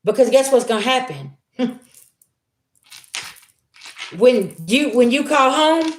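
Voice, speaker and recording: A woman's voice: a little high, animated, measured pace, long pauses, reverberant, slight background noise. A middle-aged woman talking candidly and from the heart to her livestream viewers as a tarot reader, streetwise and swearing freely. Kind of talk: casual live-stream talk to viewers.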